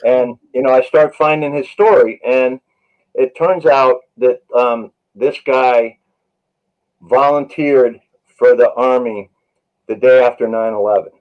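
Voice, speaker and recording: A man's voice: mid-range voice, unhurried, muffled recording. Earnest storytelling paramedic man. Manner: earnest, anecdotal, many "you know" fillers. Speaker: paramedic and author, interview guest. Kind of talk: storytelling in a podcast interview.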